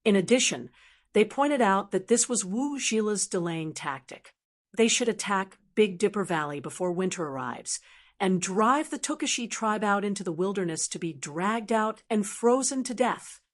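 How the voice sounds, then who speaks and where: A woman's voice: mid-range voice, lively intonation, moderate pace, lightly acted. A woman voicing a shrewd male strategist who speaks indifferently and sharply, in audiobook narration. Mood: cool, stern.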